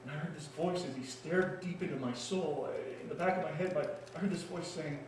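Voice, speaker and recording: Shaken freed prisoner, played by a man, fairly high voice, halting stage monologue, big echoey hall, distant mic, faint hiss. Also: natural voice. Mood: haunted. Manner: intense, halting, heavy pauses between phrases.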